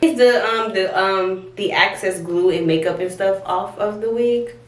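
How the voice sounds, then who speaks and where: A woman's voice: mid-range voice, measured pace, distant mic. A woman chatting through a casual tutorial vlog in a slangy, rambling way from her bathroom. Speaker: vlogger. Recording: roomy, off-mic, faint noise.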